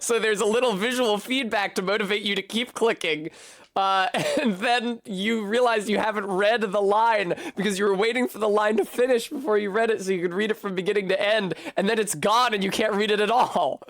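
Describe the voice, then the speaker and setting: A man's voice: high voice, steady tone, fairly quick, vocal fry, fairly bright tone, dry recording, clean studio sound. A man streaming a video game, rambling casually and swearing as he goes off on tangents. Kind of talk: casual gaming commentary.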